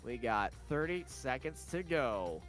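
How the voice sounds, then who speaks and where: A man commentating a sim race, calling qualifying and reading off the starting grid in brisk play-by-play. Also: mid-range voice, sing-song, a bit bright, faint music behind.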